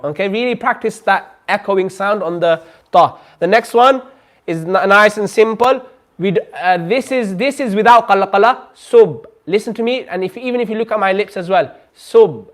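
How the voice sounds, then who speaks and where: High-voiced man teaching a recitation class. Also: fairly bright tone. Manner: patient, models sounds slowly for the class to repeat. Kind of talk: classroom lesson. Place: community centre classroom.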